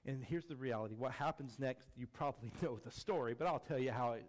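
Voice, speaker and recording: A man preaching a sermon as a pastor, building to emphatic peaks and then dropping low and quiet. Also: fast. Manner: acts out quoted voices with jokey flair.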